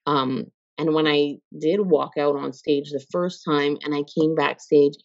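A woman's voice: low-pitched, a little mellow, dry recording. A woman guest in a casual podcast interview who talks expressively, laughs often and acts out the voices she quotes. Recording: dull lo-fi sound.

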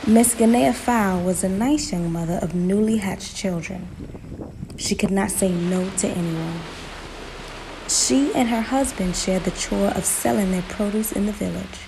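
A woman narrating a folktale in a slow, emphatic storytelling manner, in a noisy recording. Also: medium pitch, gravelly.

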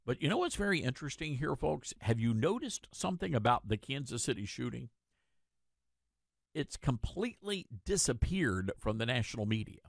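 Sarcastic, animated male radio host. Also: medium pitch, normal speed, creaky, no room sound, studio quality. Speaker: radio talk show host. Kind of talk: opinion talk radio monologue.

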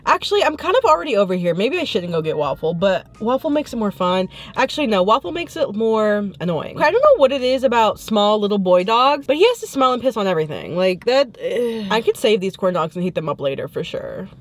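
A young woman vlogging from her parked car, chatting excitedly and swearing freely into a phone camera. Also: medium pitch, a little fast, hardly any pauses. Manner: excitable, swears freely, bursts of loud glee. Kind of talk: casual vlog chat.

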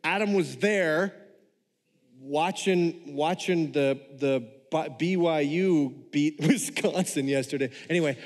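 A pastor delivering a sermon in a conversational manner, joking with the congregation. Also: male voice, on the high side, slow pace, in a large hall.

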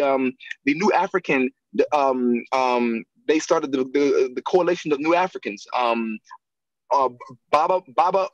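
A man, a guest actor and acting coach, telling animated stories in a casual interview, laughing and acting out the voices of people he quotes. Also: on the high side, no echo, highs cut off.

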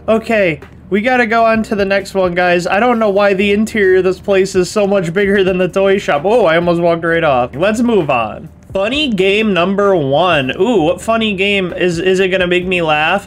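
A young man giving excitable, playful let's-play commentary, talking straight to his viewers as he plays. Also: high-pitched, normal speed, faint music behind. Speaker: gaming YouTuber.

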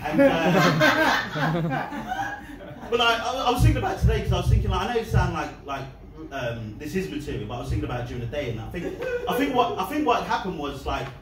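A man's voice: high voice, huge pitch swings, fairly quick, a crowd in the background. Rambling man, echoey and distant. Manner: rambling, laughing between lines. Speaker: stand-up comedian. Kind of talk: stand-up set and comedy vlog. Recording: echoey, distant mic, noisy background.

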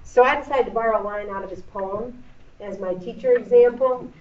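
A woman's voice: fairly high pitch, fairly quick, darkish tone, distant mic. A woman teaching a middle school English lesson in a classroom, explaining patiently with playful asides. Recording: echoey classroom recorded from afar, dull.

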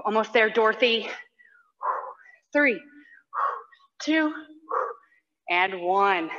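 Woman fitness instructor, bright edgy voice, slow spaced-out cues, countdowns and name cheers, breathing hard, dull lo-fi audio. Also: mid-range voice, lively intonation, long reverb tail. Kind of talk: live workout coaching. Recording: dull lo-fi online class audio.

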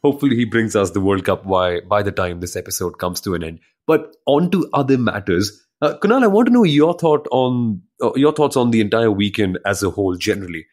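A man's voice: on the low side, lively intonation, brisk, hardly any pauses, darkish tone. A man hosting a motorsport podcast who laughs often, teases his co-hosts and steers the conversation. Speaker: podcast host. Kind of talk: casual chat.

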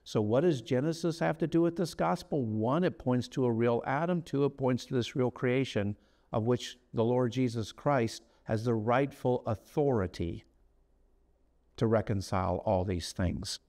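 A middle-aged man teaching in a sermon style, emphatic, repeating key phrases and slowing down to read scripture. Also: mid-range voice, darkish tone. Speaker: guest speaker. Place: television studio.

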